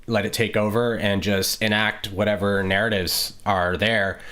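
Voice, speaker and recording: A man's voice: lowish voice, flat delivery, moderate pace, bright, forceful tone. A man co-hosting a casual podcast conversation, talking in a reflective, rambling way with many fillers and restarts. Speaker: podcast co-host.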